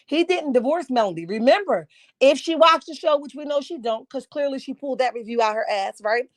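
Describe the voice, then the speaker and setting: A woman's voice: high voice, animated, a little fast, no room sound, clean studio sound. A woman hosting a casual live commentary stream from home, sassy and emphatic, often asking "right?". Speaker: livestream host.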